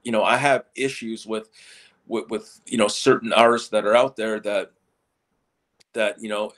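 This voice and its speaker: A man's voice: lowish voice, flat delivery, normal speed, a bit bright. A middle-aged man, a stage hypnotist, telling stories in a casual interview and often repeating and restarting his words.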